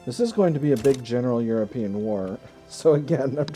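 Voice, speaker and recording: A man's voice: medium pitch, expressive, fairly quick, dark tone, faint music behind. A man hosting a strategy game let's play, talking casually and thinking aloud with asides and self-corrections. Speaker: gaming video host.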